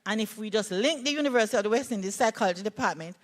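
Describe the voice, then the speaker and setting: A woman's voice: mid-range voice, animated, racing. A middle-aged woman with a Jamaican accent, a play therapist presenting a conference workshop, telling stories animatedly and checking in with her audience.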